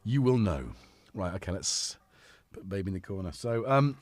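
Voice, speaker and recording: A man's voice: fairly low pitch, expressive, moderate pace, darkish tone. A man hosting a livestream, chatting in a rambling way that trails off mid-thought. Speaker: livestream host. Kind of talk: casual livestream chat. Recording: synth music playing underneath.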